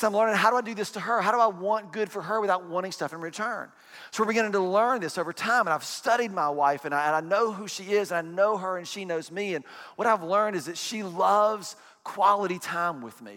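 Male pastor, 40s, bright ringing voice, chatty storytelling sermon, long hall reverb. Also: high-pitched. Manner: chatty, self-deprecating storytelling. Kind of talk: conversational sermon. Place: church sanctuary.

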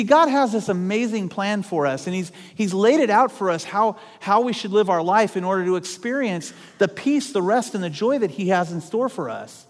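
A man's voice: high-pitched, in a large hall. A middle-aged man preaching a sermon as a pastor, in a conversational storytelling way with frequent restarts, in a church sanctuary.

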